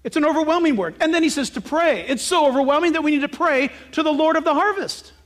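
A male pastor preaching a sermon in an animated way, asking rhetorical questions and breaking into sudden shouts. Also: very high voice, fast talker.

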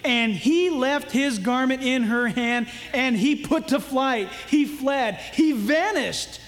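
A pastor delivers a sermon in an unhurried, lively way, playing out the voices in his stories. His voice sits very high for a man. The sound carries a long hall reverb. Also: faint music behind. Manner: animated, acts out voices for stories.

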